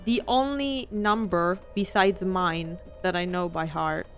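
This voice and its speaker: A woman's voice: lowish voice, fairly even intonation, slow pace, a bit bright, faint music behind. A woman streamer chatting casually while playing a game, laughing often and swearing freely.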